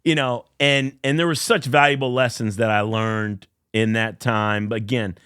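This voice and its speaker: A man's voice: medium pitch, steady tone, normal speed, fairly bright tone, clean tone, no echo. A college baseball coach in his fifties shares a personal memory with feeling and acts out the quotes. His voice sits in the middle range. The sound is dry and close to the mic. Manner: earnest, emotional storyteller who acts out quotes. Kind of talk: podcast interview storytelling.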